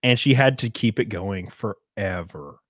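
A man's voice: fairly low pitch, measured pace, fairly bright tone, dry recording, studio quality. A man chatting casually on a podcast, telling blunt, crude stories. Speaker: podcast host.

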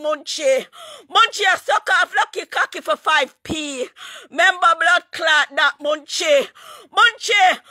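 A woman with a Jamaican patois accent ranting angrily on a livestream, shouting, cursing and taunting over and over, her voice breaking near tears at times. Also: extremely high pitch, no room sound, studio quality. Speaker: online ranter. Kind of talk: angry livestream rant.

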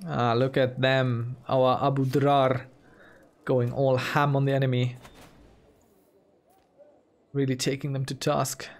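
A man's voice: mid-range voice, flat delivery, takes it slowly, long pauses. A man commenting casually on his own strategy game, musing and talking to himself playfully. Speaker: gaming video host. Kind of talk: casual let's-play commentary. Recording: soft game music behind.

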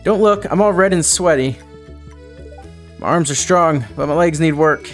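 A man's voice: a little high, moderate pace, fairly bright tone, faint music behind, natural voice. A man reading a sporty young woman. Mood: upbeat.

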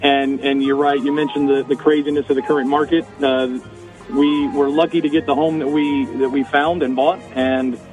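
A man's voice: medium pitch, level tone, normal speed, over music, rough recording. A man appearing as a guest, giving an earnest, slightly hesitant testimonial with fillers. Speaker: guest in a sponsor segment. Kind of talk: friendly testimonial.

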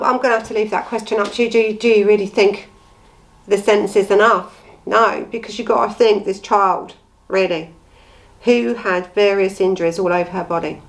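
A woman's voice: medium pitch, rough recording. A woman giving blunt, indignant true-crime commentary, full of rhetorical questions. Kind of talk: impassioned commentary on a case.

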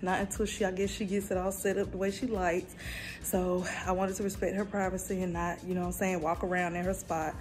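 A woman's voice: lowish voice, flat delivery, a little fast, a little mellow, faint music behind. A woman from North Carolina chatting casually with her viewers in a vlog, laid-back and full of slang. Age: adult mother. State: out of breath and tired. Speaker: vlogger.

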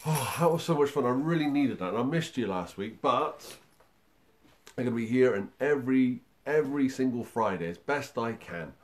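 Speaking at a moderate pace with an expressive, medium-pitched voice, a man runs a music livestream aimed at young children. His friendly chatter to kids and parents is upbeat and encouraging, full of fillers.

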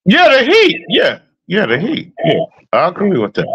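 An exasperated, animated man swearing through a heated sports debate. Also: high voice, normal speed, slightly rough. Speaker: podcast co-host. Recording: dull lo-fi sound.

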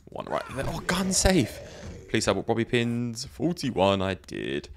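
A man's voice: medium pitch, wildly swooping pitch, slow pace, gravelly. A man chatting casually while he plays a zombie survival game, thinking aloud and laughing often. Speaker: gaming YouTuber. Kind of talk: let's play commentary.

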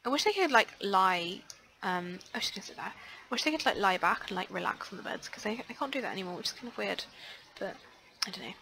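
A young woman chatting casually through a life-sim let's play, excitable, gasping and filling pauses with ums. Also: medium pitch, poor audio. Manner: chatty and excitable, frequent gasps and fillers. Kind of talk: casual gameplay commentary.

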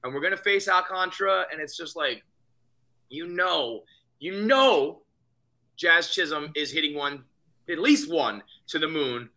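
A man co-hosting a podcast, chatting casually about baseball in a rambling, profane, excitable way. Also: a little high, normal speed. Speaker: podcast co-host. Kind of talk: casual sports chat.

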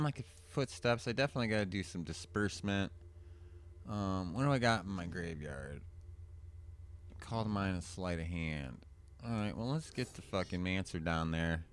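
A young man telling a profane story in animated rants while commentating a card game. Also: deep voice, slight background noise. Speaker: gameplay commentator. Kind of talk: casual storytelling over gameplay.

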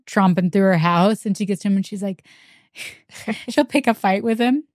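A woman's voice: mid-range voice, normal speed, a little mellow, dry recording, studio quality. A woman co-hosting a book podcast in casual chat, chatty with many fillers and quoted asides. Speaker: podcast co-host.

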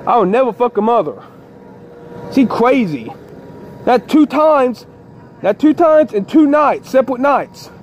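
A man's voice: very high-pitched, slight background noise. A man rambling repetitively to camera outdoors, agitated and sleepy. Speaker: vlogger. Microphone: handheld camera.

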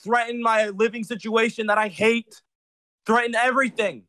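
A man's voice: very high voice, steady tone, pushed and bright, no echo. A young adult man in a heated, sarcastic argument with his father, accusing him and talking over him. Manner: sarcastic, accusing, rapid back-and-forth.

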